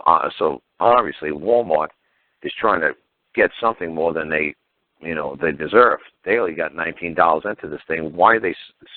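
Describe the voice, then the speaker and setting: A man's voice: very deep voice, no echo. A man hosting a call-in radio show, telling stories in a blunt, heated, profane way. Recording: phone-like narrow audio.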